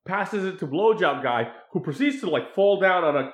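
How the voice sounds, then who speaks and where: A man casually recapping a film scene by scene, crude and animated, mimicking the characters' lines as he goes. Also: sits high, moderate pace, echoey room. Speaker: podcast co-host recapping a film. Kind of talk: casual chat.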